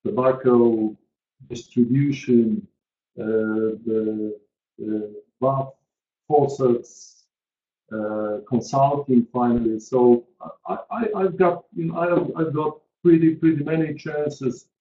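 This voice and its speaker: A man's voice: mid-range voice, fairly even intonation, slow pace. A man, presenting a pricing webinar in an earnest, emphatic way and repeating his key points. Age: 40s. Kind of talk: online presentation to an audience. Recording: roomy, dull lo-fi call audio.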